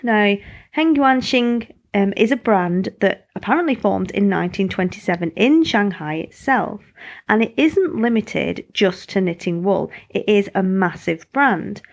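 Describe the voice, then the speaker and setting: A woman's voice: mid-range voice, expressive, unhurried. A woman host, chatting in a rambling, self-deprecating way on her podcast. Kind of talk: casual podcast monologue.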